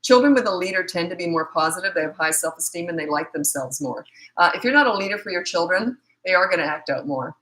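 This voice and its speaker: A woman's voice: fairly low pitch, lively intonation, quick pace, a bit bright, rough recording. A middle-aged woman from Canada, a parenting coach, answering viewer questions in a casual, blunt, matter-of-fact livestream chat.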